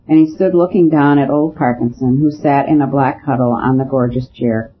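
A man's voice: mid-range voice, steady tone, normal speed, few pauses. Man narrating a storybook, dull recording. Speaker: audiobook narrator. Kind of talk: scripted narration. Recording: dull lo-fi with faint hiss.

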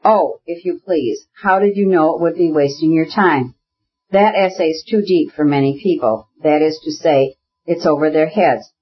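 A husky-voiced reader voicing a bitter, ailing radical brother who argues heatedly, in an audiobook. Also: medium pitch, normal speed, muffled recording, close to an everyday voice. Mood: agitated. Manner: heated, argumentative, bursts into shouting.

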